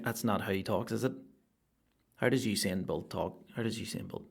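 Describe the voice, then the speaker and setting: A Northern Irish man talks through a rambling comic monologue in a slightly low voice. He swears freely, and quieter asides give way to sudden loud rants. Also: normal speed, vocal fry, husky. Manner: profane, ranting, with sudden loud outbursts. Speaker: stand-up comedian and podcast host.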